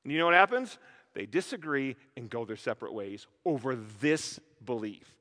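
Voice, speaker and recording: A man preaching a sermon in a large church hall, animated and joking, firing off rhetorical questions. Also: medium pitch, moderate pace. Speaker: pastor.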